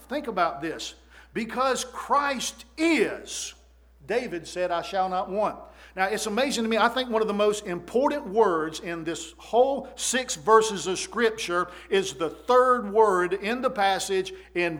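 A man preaching a sermon with emphatic, repetitive declarations, asking "amen" often and stammering into restarts as he builds. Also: sits high. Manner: stammers and restarts when excited.

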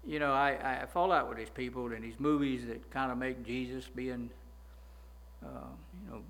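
A man's voice: mid-range voice, normal speed, a bit bright. A man preaching a sermon, emphatic, often stopping to ask his listeners "right?" and repeating words as he goes.

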